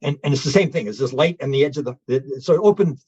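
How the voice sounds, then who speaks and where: This man talks fast and animatedly, his voice on the high side, a little mellow and breathy at the edges. As a UFO researcher guesting on an interview show, he tells a long, lively story and acts out the witnesses he quotes in raised voices. There's no room sound, though the audio is dull.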